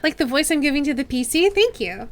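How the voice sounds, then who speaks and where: A woman's voice: sits high, animated, fast talker. An American woman streaming a game, chatting casually in a chatty way and laughing often. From United States. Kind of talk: casual gameplay commentary.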